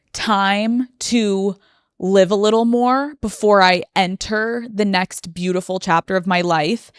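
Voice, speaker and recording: A woman's voice: mid-range voice, steady tone, takes it slowly, clear, resonant tone, dry recording. An American woman in her thirties, a podcast host, speaking candidly and emotionally with many fillers, close to tears. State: near tears. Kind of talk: personal monologue.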